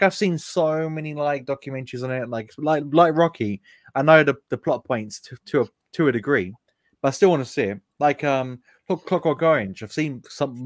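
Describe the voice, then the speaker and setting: A man's voice: mid-range voice, no echo. A man talks casually about films on a podcast, dropping "like" constantly and restarting his thoughts. The sound is dry and close, with no room around it. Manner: filler-heavy, says "like" constantly. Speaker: podcast panelist. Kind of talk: casual chat.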